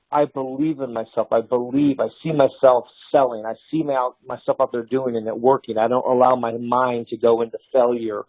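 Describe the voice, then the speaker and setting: A man giving a casual motivational sales lesson, telling stories with animated restarts. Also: on the high side, dry recording, highs cut off. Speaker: sales trainer.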